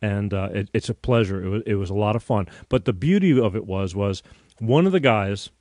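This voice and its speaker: A middle-aged man hosting a live call-in show, telling rambling, animated stories full of fillers and restarts. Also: lowish voice, brisk, no echo, studio quality. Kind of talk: casual live-stream chat.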